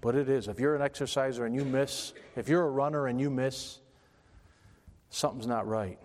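A man's voice: medium pitch, moderate pace, darkish tone, slight background noise. A man preaching a sermon, emphatic and repetitive, often restarting his phrases. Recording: long reverb from a hall.

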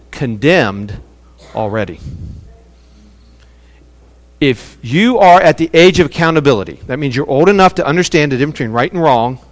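A man preaching a sermon as pastor, emphatic and repeating key words with long pauses. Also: mid-range voice, in a large hall.

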